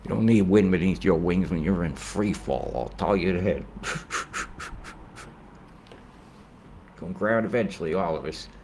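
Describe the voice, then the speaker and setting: A man giving a casual weather forecast in a rambling, excitable way, often swearing and slipping into rhymes. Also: sits low, moderate pace, slight background noise.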